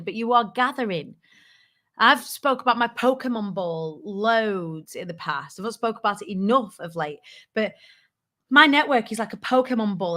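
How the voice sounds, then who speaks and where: A woman talks straight to her audience in a loose, motivational style, with a forceful edge to her voice. She is candid and playful and swears casually as she coaches her viewers. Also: fairly high pitch. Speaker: host of a business tips show.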